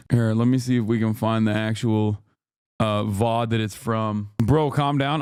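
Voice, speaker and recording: A political streamer reacts to clips live, tossing out sarcastic, mock-outraged asides and rambling with restarts. His medium-pitched voice is clear, resonant and slightly mellow, fairly even in intonation at a moderate pace, with studio-quality sound and no room echo.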